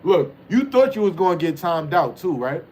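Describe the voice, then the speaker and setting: A man's voice: fairly high pitch, big pitch swings, normal speed, a little mellow. A man hosting a livestream, reading the chat and joking around in loose, teasing banter. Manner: loose, teasing banter with frequent "you know what I'm saying".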